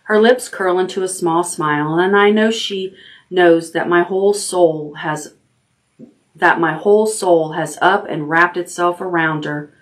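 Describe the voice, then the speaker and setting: Low-voiced woman reading a bedtime story. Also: a little slow. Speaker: librarian.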